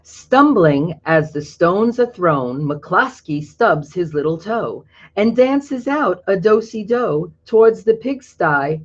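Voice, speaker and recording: A reader working slowly through a rhyming picture book, stopping often to chat about what the pictures show. The voice is mid-pitched and the recording sounds dull and lo-fi. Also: lively intonation. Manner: pauses to explain pictures in a chatty aside. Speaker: storybook reader. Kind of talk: reading a picture book aloud.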